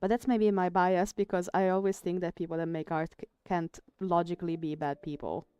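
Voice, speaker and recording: A woman's voice: on the low side, little pitch movement, a little fast, mellow, smooth, dry recording, dull audio, faint music behind. A woman in her thirties with an Italian accent, chatting casually and thoughtfully while she draws on her art stream. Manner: chatty and reflective, reads chat aloud. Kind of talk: casual chat while drawing.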